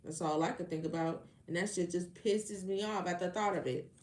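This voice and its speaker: A woman's voice: fairly low pitch, brisk. Heated, sarcastic woman ranting on a live stream. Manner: heated, exasperated and sarcastic, with rhetorical questions. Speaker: tarot reader hosting a live stream. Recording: roomy live-stream audio with faint background noise.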